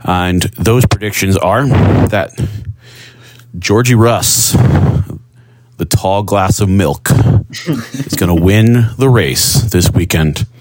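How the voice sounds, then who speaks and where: A man records a playful voice message for a podcast. His voice is very deep and his pace unhurried. The sound is dry and close. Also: dry recording. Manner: playful, jokey. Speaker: listener submitting a voice message.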